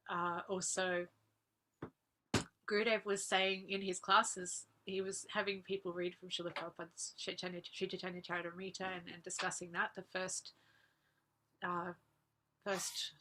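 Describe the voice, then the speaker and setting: A woman, earnestly recalling personal memories as a guest speaker, laughing softly now and then. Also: on the low side, level tone, normal speed, long pauses, slight background noise. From Australia. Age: 40s. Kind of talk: personal reminiscence talk.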